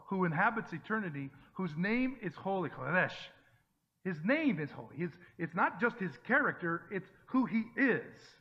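A man's voice: on the high side, breathy edge. A middle-aged man preaching a conversational sermon to his church, with joking asides and frequent restarts. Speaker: pastor. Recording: dull sound with long hall reverb.

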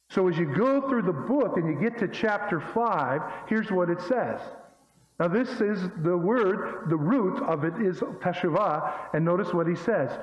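A man preaching a sermon in an emphatic, folksy way, full of rhetorical questions. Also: high-pitched. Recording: echoey hall, dull lo-fi sound.

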